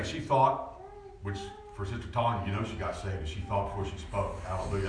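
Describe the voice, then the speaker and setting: A man in his forties preaching a sermon. He talks in a lively way and climbs to shouts at the peaks. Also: on the low side, brisk, recorded from a distance, a little hiss or hum. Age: 40s. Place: church sanctuary. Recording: echoey room, voice from off-mic.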